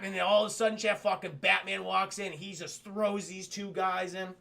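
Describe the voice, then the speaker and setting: Young dude streamer rambling thru a cartoon recap to chat, high bright voice w gravelly edge, swears a lot. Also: male voice, a little fast, hardly any pauses. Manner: excitable, swearing, acts out characters mid-recap with laughs. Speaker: streamer reviewing a cartoon episode. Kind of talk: casual recap to a live chat.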